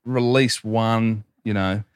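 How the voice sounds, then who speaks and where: A man in his thirties, co-hosting a casual podcast, telling crude, profane stories with animated quoted voices. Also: fairly low pitch, takes it slowly, smooth, no echo, clean studio sound. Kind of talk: casual chat, storytelling.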